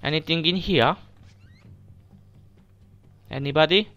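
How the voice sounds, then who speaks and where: A man's voice: on the high side, takes it slowly, bright, forceful tone, highs cut off, soft background music. A young man giving casual gameplay commentary, jumpy, swearing often and stammering when startled. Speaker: let's play gamer.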